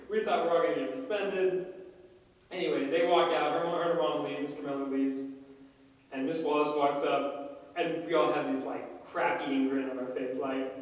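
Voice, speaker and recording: A man with a slightly high voice tells an animated, laughing story on a panel. He sounds far off, swallowed by a long hall reverb. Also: moderate pace, long pauses, highs cut off. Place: large convention panel room. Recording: echoey hall, far from the mic.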